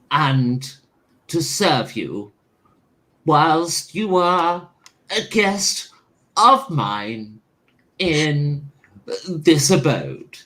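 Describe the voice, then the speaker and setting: A game master doing a slow, grand impression of an old statesman in a tabletop game. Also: medium pitch, bright, forceful tone, voice pushed up, full character voice, poor audio. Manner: slow, grand, halting oratory.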